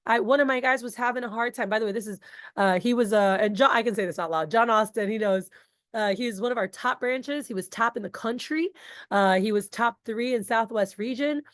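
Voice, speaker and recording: Woman, sales trainer, animated, talkative, dry close sound. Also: a little high, a little fast, dry recording. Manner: animated, talkative, casual asides. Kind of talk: energetic group training talk.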